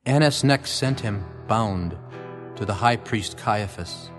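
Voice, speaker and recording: A man reading a scripture passage aloud in an even, measured way. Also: on the low side. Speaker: scripture narrator. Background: faint guitar music.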